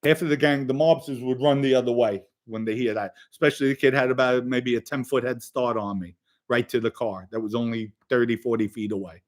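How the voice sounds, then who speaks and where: A man's voice: mid-range voice, steady tone, fairly quick. A man on a podcast telling casual, blunt stories full of profanity, emphatic and speaking straight to young listeners. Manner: direct address to young listeners. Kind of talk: casual storytelling.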